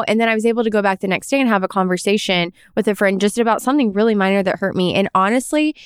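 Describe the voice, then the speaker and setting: A young woman tells reflective personal stories as co-host of a casual faith podcast. Her voice is very smooth and clear, at a middle pitch. The recording is dry and close. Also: very fast, few pauses, dry recording.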